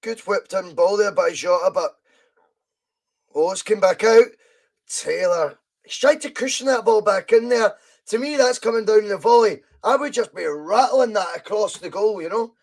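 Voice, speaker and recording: A Scottish man hosting a football podcast, giving live fan commentary on a match, chatty and reading out viewer comments, with excited bursts at chances. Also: high-pitched, normal speed.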